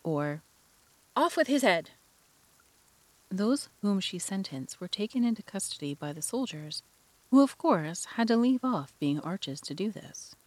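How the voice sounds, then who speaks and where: A woman narrating a classic children's story in an expressive reading voice. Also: mid-range voice, normal speed, dry recording.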